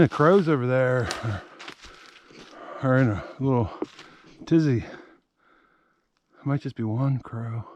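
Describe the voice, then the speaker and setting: A man narrating a casual hike vlog outdoors on a wooded trail. He talks slowly and wryly to himself and breaks into loud crow calls. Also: medium pitch, a little hiss or hum. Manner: slow, wry self-talk with loud crow calls.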